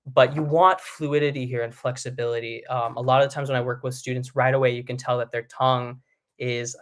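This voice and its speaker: Speaking fairly quickly in a mid-range voice, this young man teaches singing in a live online lesson. He explains in a laid-back manner and now and then sings brief examples.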